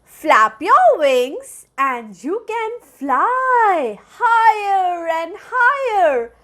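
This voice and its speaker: A woman's voice: very high voice, very animated, very slow, a bit bright. A woman teacher reading a picture book aloud to small children in a coaxing, sing-song way, asking them questions and acting out bird sounds. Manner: acts out bird sounds between lines.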